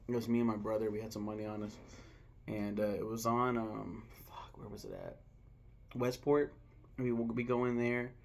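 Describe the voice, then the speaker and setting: A man's voice: mid-range voice, vocal fry. A young man casually ranking his favorite restaurants, rambling, swearing freely and stopping to search aloud for names. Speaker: vlogger. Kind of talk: casual food ranking vlog.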